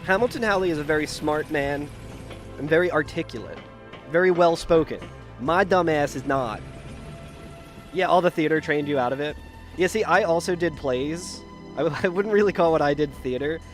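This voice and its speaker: A man's voice: fairly high pitch, moderate pace, soft background music. A tired man with a Philadelphia Delco accent chatting casually while he streams a game, rambling and profane, and mocking himself. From Pennsylvania, United States. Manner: rambling, profane, self-deprecating. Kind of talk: casual live-stream chat while gaming.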